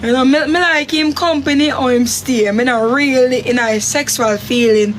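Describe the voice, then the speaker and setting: Jamaican woman, high voice, animated casual storyteller, faint noise behind. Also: normal speed. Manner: animated, acts out her own quotes with sharp pitch jumps.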